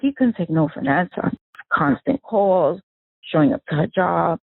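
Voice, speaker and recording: A woman's voice: on the low side, moderate pace, vocal fry, husky, dry recording. Woman recalling her sister over a tinny phone line. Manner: animated storyteller who acts out quoted dialogue. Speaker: victim's sister, interviewee. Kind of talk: emotional first-person recollection.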